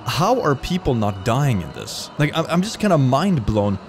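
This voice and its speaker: Wildly animated young man reacting. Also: medium pitch, normal speed, a little hiss or hum. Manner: excitable, jokey, gasps and laughs often. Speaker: reaction video host. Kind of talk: casual reaction commentary.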